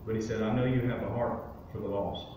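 A fast-talking man with a fairly low, dark-toned voice and a steady delivery shares his testimony as a guest speaker at church. He tells a personal story loosely and conversationally, using many fillers. Recorded from far off in a very echoey sanctuary with slight background noise.

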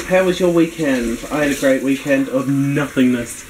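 A man's voice: medium pitch, moderate pace, noisy background. A man with a cold, sneezing and coughing, chatting casually and rambling to camera in a home video blog. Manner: rambling, chatty, self-mocking. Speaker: daily video blogger.

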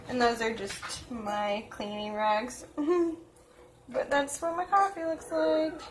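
A woman's voice: sits high, fairly even intonation, slow. A young woman and mother chatting casually at home in a vlog, often cooing at her baby in a sing-song voice. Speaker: vlogger, mother. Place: home, indoors. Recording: noisy home video audio.

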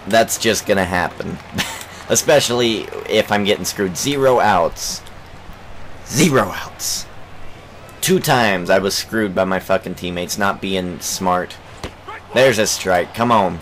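A young man narrates his baseball game in unhurried let's play commentary, his voice sitting low. He swears and shouts in frustration whenever his team lets him down. A faint hum of background noise runs under his voice. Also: rough recording. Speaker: gaming channel host.

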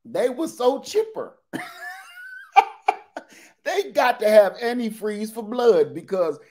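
A man in his forties, a livestream host telling animated, joking stories in casual talk. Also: sits high, takes it slowly.

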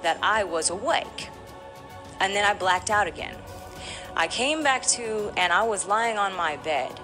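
A woman guest in a candid podcast interview, telling a painful personal story with animated emotion. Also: mid-range voice, unhurried, over music.

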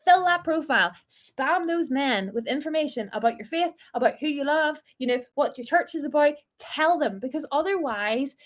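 High-voiced playful woman in her twenties. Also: lively intonation, normal speed, few pauses. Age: 20s. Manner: playful, laughing, encouraging. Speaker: small group leader. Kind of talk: casual faith talk to a group.

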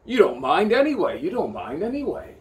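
A man's voice: high-pitched, huge pitch swings, a little fast, far from the mic. A man rambling in an improvised spoken-word monologue, theatrical, swearing freely and repeating words over and over.

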